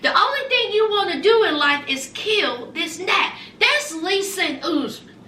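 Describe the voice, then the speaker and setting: A woman in her forties with a very high, bright voice swings animatedly through a sassy reality-TV recap, hammering her points by repeating them. She sits a little back from the mic in an echoey room. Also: lively intonation, measured pace, distant mic, a little hiss or hum. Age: 40s. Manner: sassy, emphatic, repeats lines for effect. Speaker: TV show reviewer.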